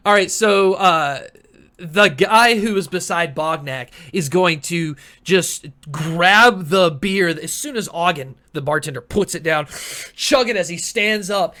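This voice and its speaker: A man narrating a tabletop game as game master, lively and often laughing. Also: high voice.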